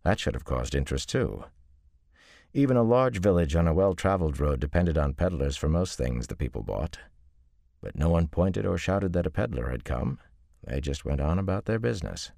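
Very deep-voiced male audiobook narrator. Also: very animated, moderate pace, creaky, warm tone, dry recording, studio quality. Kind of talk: scripted narration.

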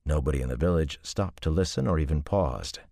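A man narrates an audiobook in a calm, measured way. His voice sits extremely low, down in a rumbling bass. The recording is dry and close, with no room sound. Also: gravelly, dry recording. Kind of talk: scripted narration.

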